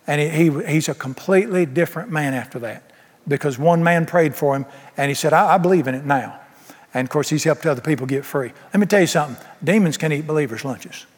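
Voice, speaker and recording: Male preacher, folksy and emphatic, slightly high pitch, long church reverb. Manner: storytelling, emphatic, Southern folksy phrasing. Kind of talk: sermon.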